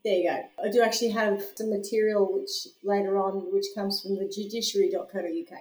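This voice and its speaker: A woman's voice: mid-range voice, steady tone, quick pace, a little mellow. Chatty woman host, echoey room. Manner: chatty, laughing, rambling asides. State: hungover. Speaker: podcast host and storyteller. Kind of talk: casual chat.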